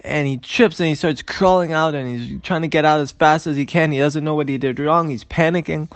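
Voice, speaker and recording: A man telling a story in a lively, dramatic way. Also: on the high side, a little fast, no room sound. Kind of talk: animated storytelling.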